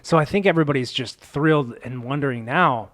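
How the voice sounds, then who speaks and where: A man in an improv comedy podcast, playing an interviewer with playful deadpan replies. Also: medium pitch, a little fast. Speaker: improv player.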